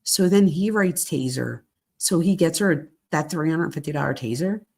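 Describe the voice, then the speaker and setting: Gravelly, low-voiced woman commentator. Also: normal speed, a little mellow. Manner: casual, reacts with asides. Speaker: true crime commentator. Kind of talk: reading text messages aloud with commentary.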